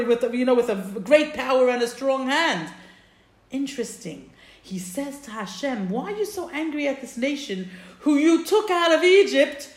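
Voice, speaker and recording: A woman giving a Torah lesson, reading Hebrew verses and translating them into English, asking lively rhetorical questions. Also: on the high side, echoey room. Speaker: Torah teacher.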